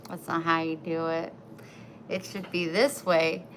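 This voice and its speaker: A middle-aged woman vlogging casually at home, chatting in an animated way to herself and her viewers. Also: low-pitched, unhurried. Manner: chatty, animated self-talk. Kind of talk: casual vlog chat. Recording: background noise.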